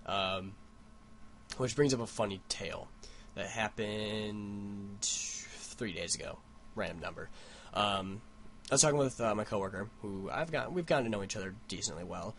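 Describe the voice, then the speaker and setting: A man's voice: on the low side, moderate pace, fairly bright tone, slight background noise. A young man vlogging at home, telling a rambling, profane story into his computer mic. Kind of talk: casual rant.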